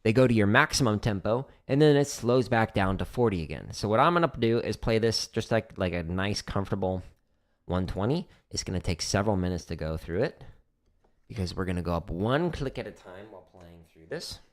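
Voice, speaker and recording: A man's voice: on the low side, a little fast. A man giving a casual, instructional drum lesson on a livestream from his practice room, talking through technique with fillers. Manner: relaxed instructional talk with fillers. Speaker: drum teacher. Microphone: studio microphone near drum setup.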